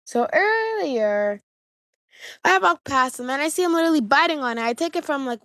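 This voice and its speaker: Woman vlogger, slangy story chat, somewhat high voice, dry close sound. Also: lively intonation, moderate pace, fairly bright tone, dry recording. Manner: chatty, slangy, jumps back to the point often. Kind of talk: casual storytelling to camera.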